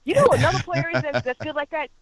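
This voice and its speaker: A woman's voice: high voice, expressive, quick pace, rough recording. A woman guitarist and singer talking as a podcast interview guest, effusive and full of exclamations.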